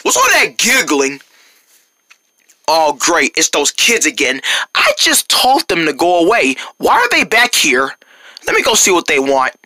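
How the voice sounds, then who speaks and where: A woman's voice: wildly swooping pitch, measured pace, bright, forceful tone, dry recording, full character voice. A woman voicing a grumpy grown man next door who mutters and brushes off children. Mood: grumbling. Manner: low, muttering, dismissive. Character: grumpy grown-up male neighbor who wants quiet.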